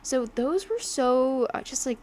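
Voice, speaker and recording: A young woman streams her digital drawing live, her high, animated voice chatting and rambling with plenty of fillers and laughter while her accent slides through a mix of imitations. She keeps a measured pace, her tone leans dark, and there's slight hiss or hum.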